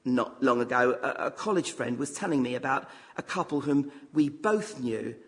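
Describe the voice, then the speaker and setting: A man's voice: mid-range voice, expressive, moderate pace, in a large hall. A man preaching a sermon, putting rhetorical questions to the congregation.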